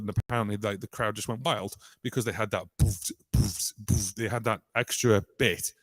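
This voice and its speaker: A man's voice: mid-range voice, no room sound. A British man hosting a casual live-stream tutorial on looping, talking in a chatty, rambling way with many ums and restarts. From United Kingdom. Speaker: loop musician and channel host. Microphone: vocal mic through a vocal effects unit.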